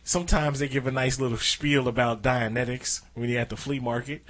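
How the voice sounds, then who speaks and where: A man's voice: medium pitch, fairly quick. A man co-hosting a casual talk show, telling loose joking stories. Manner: lively storyteller, loose and joking. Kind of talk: casual banter.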